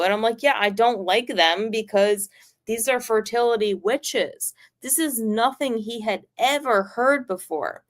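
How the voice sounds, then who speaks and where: Woman, streamer, casual storytelling, rambling fillers, swearing, animated. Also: fairly high pitch, unhurried.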